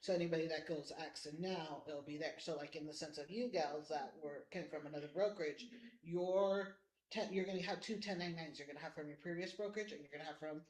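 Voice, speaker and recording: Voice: mid-range voice, quick pace, a little mellow. Staffer explaining paperwork in an echoey room. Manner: explanatory, run-on, talks through the process. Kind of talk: casual office meeting talk.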